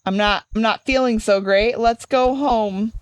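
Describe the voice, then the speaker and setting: On the high side and speaking at a measured pace, this young gaming video host plays through a horror game, the recording lo-fi and free of room sound. Her casual commentary mixes reading the game's text aloud with jokey asides.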